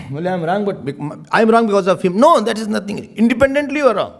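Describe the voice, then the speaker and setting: A male swami delivers a sermon in a remarkably high voice. His pitch swings widely as he teaches, and he often breaks into chuckles. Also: brisk, gravelly. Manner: animated teaching, often laughing, mixing in Hindi and Sanskrit terms. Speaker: swami giving a spiritual talk.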